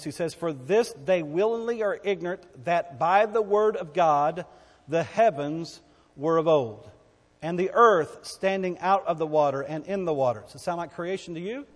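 A man preaching a sermon, emphatic, asking the congregation questions and swinging between loud declarations and hushed lines. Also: fairly high pitch. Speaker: pastor. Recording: long hall reverb.

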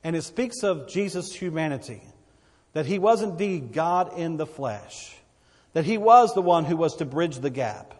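A man preaching a sermon in a church, his somewhat high voice carrying a long reverb from the hall. He speaks emphatically and repeats words as he presses his point. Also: lively intonation, normal speed. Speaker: pastor.

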